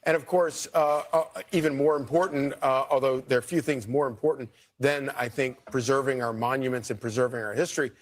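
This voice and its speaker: A man commenting on politics on a panel, speaking in a measured, hesitant way with many fillers. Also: mid-range voice, steady tone.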